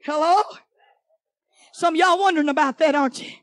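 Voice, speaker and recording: A middle-aged woman, preaching a fiery sermon in church, shouting, chanting and throwing questions at the congregation. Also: sits high, a little fast, dry recording, studio quality. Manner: shouting, chanting, call-and-response asides. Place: church sanctuary.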